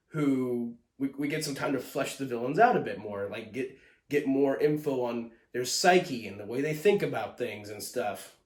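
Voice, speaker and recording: A man giving a casual, rambling review of a TV episode, often restarting sentences and getting animated. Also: medium pitch. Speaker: TV show reviewer. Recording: echoey room.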